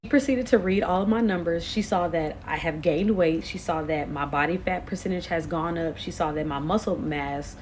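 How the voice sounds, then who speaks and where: Animated woman in her late twenties. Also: on the low side, moderate pace, hardly any pauses, a little hiss or hum. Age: late 20s. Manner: animated, expressive storytelling with slang. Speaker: vlogger. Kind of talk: casual storytime.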